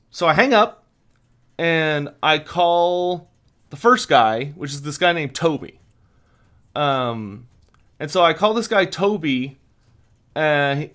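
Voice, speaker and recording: A young man hosting a casual livestream, telling a long rambling story full of fillers and restarts. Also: mid-range voice. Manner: rambling storyteller, many fillers, animated retelling. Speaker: livestream host.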